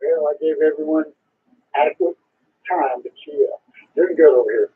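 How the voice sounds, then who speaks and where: A man chats easily as he checks in to an amateur radio net. His voice is very raspy and rough. The transmission sounds thin and narrow, as if heard over a phone. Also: on the high side, fairly quick. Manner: relaxed, conversational. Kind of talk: ham radio net chat.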